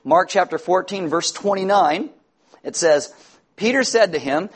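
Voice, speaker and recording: A middle-aged man preaching a sermon to a congregation as pastor, in a lively, joking manner that acts out the voices he quotes. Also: sits high, unhurried, breathy edge. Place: church sanctuary before a congregation.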